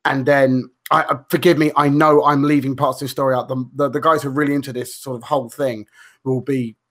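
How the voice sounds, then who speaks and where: A man's voice: medium pitch, flat delivery, fairly quick, fairly bright tone. Rambling man, casual podcast chat. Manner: rambling, swears freely, many fillers and restarts. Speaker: podcast co-host.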